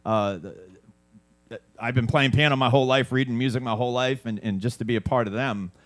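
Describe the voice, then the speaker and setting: A man's voice: medium pitch, a little fast. A man from Massachusetts, a guest musician, talking in a friendly, rambling way on a radio show. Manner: friendly, rambling, self-deprecating. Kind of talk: casual radio interview. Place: radio studio.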